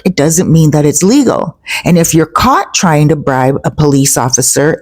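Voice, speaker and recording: A woman talks to her audience in a casual, storytelling vlog voice. She sits a bit low in pitch, and the sound is close and dry with no room in it. She keeps checking in with her listeners as she goes. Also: a little mellow, no room sound. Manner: chatty, asks "right?" and "you know?" to check in with viewers. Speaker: travel vlogger living abroad.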